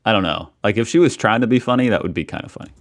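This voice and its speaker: A man with a fairly low voice reacts to video clips in a relaxed, casual way. His asides are dry and sarcastic. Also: racing. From United States.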